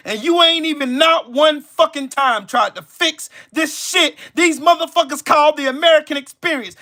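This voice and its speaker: A man hosting his own channel, delivering an angry, profane, confrontational rant and shouting at times. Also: very high-pitched, expressive, moderate pace, few pauses. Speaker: channel host.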